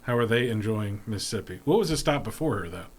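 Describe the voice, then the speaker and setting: A man's voice: fairly low pitch, lively intonation, fast, husky. A man hosting a casual interview, asking rambling questions in a chatty way. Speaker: podcast host.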